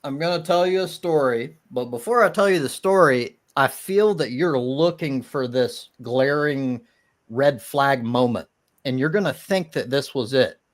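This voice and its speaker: A man's voice: medium pitch, measured pace. Hesitant man arguing a point. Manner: hesitant, many restarts and fillers, laughs at the idea of souls. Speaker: atheist guest in a live-stream debate. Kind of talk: casual debate chat.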